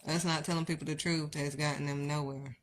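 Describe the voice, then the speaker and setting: Woman preacher, middle-aged, deep voice, blunt live-stream sermon style. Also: little pitch movement, brisk, slight background noise. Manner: blunt, exhortative, rhetorical questions.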